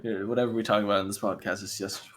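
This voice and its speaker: A man's voice: lowish voice, little pitch movement, quick pace, a little hiss or hum. A man co-hosting a casual podcast, rambling and laid-back, swearing freely among friends. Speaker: podcast co-host.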